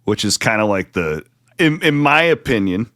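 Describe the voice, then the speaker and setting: Low-voiced chatty Midwestern man. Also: sing-song, moderate pace, pushed and bright, dry recording, clean studio sound. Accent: Midwestern American. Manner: chatty, jokey, self-interrupting. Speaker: podcast host. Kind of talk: casual chat.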